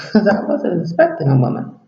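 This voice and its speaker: A man rambles through a personal story to camera, slipping into quoted dialogue and sometimes sinking to a whisper. His voice is very dark and gravelly. The recording sounds dull and lo-fi, in a roomy space. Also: sits high, huge pitch swings, normal speed. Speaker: vlogger.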